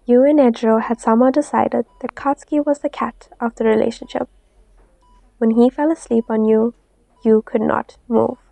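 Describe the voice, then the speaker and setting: A woman narrating a fanfiction story in a soft, steady storytelling manner. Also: fairly high pitch, normal speed, vocal fry, dry recording. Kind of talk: fanfiction reading. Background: faint lofi music.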